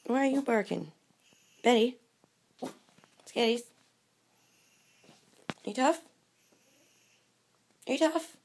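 A woman's voice: a little high, expressive, takes it slowly, gravelly, pauses often, a little mellow, slightly rough. A woman at home filming her dogs on the couch, coaxing them in a repetitive sing-song pet voice. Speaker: dog owner filming her pets. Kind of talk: home video talk to pets. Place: home living room with a couch.

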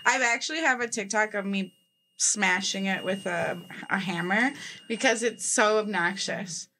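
A woman hosting a casual chat, playful and full of quick jokes and laughs. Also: mid-range voice, bright, forceful tone, slight background noise, poor audio. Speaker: podcast host.

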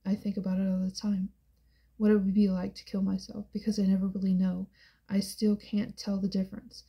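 A woman voicing a brooding, intense young man in an audiobook, speaking softly and quietly, with a flat, gravelly, dark tone. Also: fairly quick, natural voice. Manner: soft, hushed and low-key. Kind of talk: audiobook character voice.

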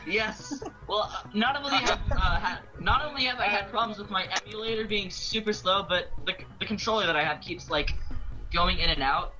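A man's voice: sits high, fairly quick, over music, low-quality recording. An American man chatting casually while racing a game, rambling and self-deprecating. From United States. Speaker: speedrun racer. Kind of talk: casual chat while gaming.

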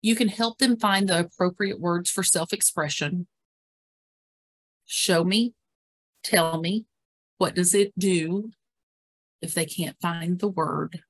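A woman educator gives a calm, instructive webinar presentation on caregiving, walking listeners steadily through examples. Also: fairly low pitch, slow pace, pauses often, no room sound. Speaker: dementia care educator.

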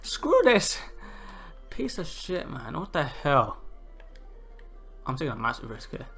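A young man commentating his own gameplay, exasperated, swearing, and breaking into shouts and laughs at his losses. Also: mid-range voice, animated, measured pace, creaky, faint music behind.

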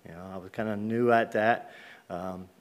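A man's voice: fairly low pitch, fairly even intonation, moderate pace. A middle-aged man from Ohio, a guest speaker in church, telling a personal faith story in a folksy, plain-spoken way with many ums. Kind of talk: personal testimony sermon. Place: church sanctuary.

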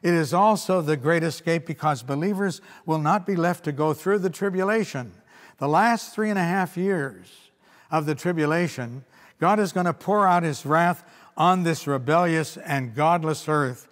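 Emphatic preacher in a reverberant hall. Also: male voice, fairly high pitch. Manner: emphatic preaching with slowed, stressed scripture readings. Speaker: pastor. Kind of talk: sermon.

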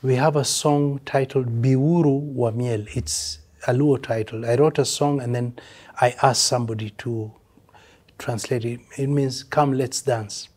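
A man's voice: medium pitch, steady tone, a little slow, darkish tone. An older man with a Kenyan accent, a veteran musician speaking bluntly and emphatically in a casual interview, dropping in Swahili phrases.

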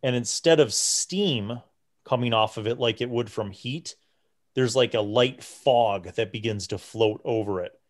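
A man narrating a tabletop role-playing game as game master, in a relaxed way with many restarts and fillers. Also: mid-range voice, unhurried.

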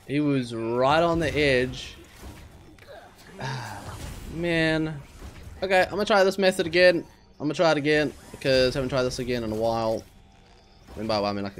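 Excitable man voicing a lively gameplay commentary. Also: medium pitch. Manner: excitable, exclaims and squeals when surprised; talks to himself and the viewers, frustrated and puzzled. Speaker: gaming channel host. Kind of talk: let's play commentary.

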